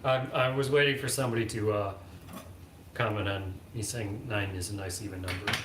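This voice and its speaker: A man's voice: lowish voice, fairly even intonation, fairly quick, fairly bright tone. A man co-hosting a home livestream, chatting casually in a dry, wry way and reading out viewer comments. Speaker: livestream co-host reading chat. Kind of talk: casual chat. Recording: echoey room with clear background noise.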